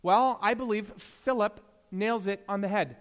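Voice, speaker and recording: A man preaching a sermon as a pastor, telling stories and swinging between hushed, slow passages and emphatic rises. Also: high-pitched, long reverb tail.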